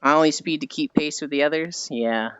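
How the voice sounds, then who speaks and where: A young adult streamer chatting casually with viewers, telling animated stories and swearing freely. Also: mid-range voice, a little fast, smooth, no room sound. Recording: slightly dull stream audio with faint music.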